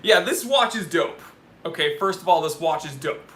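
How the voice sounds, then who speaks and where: A man's voice: fairly high pitch, expressive, normal speed, sharp tone. A young man hosting a live watch Q&A stream, reading viewer questions and giving candid, joking opinions.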